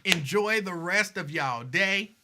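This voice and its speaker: Bright-voiced man chatting casually with viewers. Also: high-pitched, animated, slow. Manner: laid-back, chatty, signs off with warm advice. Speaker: host of a live-streamed talk show. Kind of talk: casual chat reading viewer comments.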